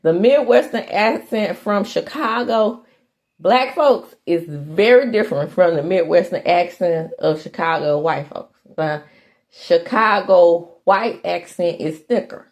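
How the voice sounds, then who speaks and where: A middle-aged woman from Mississippi hosting a casual podcast, chatty and animated, full of slangy asides. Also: lowish voice, a little slow. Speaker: podcast host recapping a TV soap. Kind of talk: casual chat.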